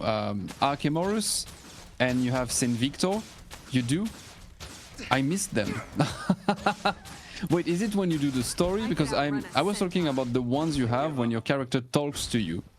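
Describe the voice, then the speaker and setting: A man chatting casually while playing an online game, enthusiastic and full of fillers and restarts. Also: mid-range voice. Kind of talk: casual gaming chat.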